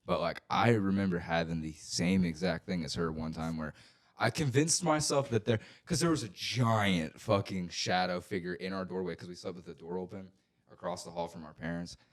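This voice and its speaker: Low-voiced young man telling rambling stories. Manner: rambling, profane, full of "like" fillers, gets loud and excited at scary parts. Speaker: podcast co-host. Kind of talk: casual storytelling chat.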